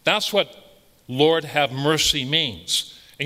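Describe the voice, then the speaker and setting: A man's voice: mid-range voice, expressive, a little slow, sharp tone, long reverb tail. A man, a priest, giving a conversational sermon in an emphatic, blunt way, repeating phrases for stress.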